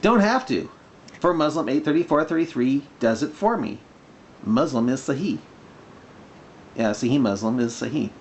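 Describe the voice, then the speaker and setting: Rich: A man in his own voice, mid-pitched, gives rambling, sarcastic commentary for a vlog. The sound is slightly dull and lo-fi, with a faint hiss underneath. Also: moderate pace, long pauses, darkish tone. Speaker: video blogger.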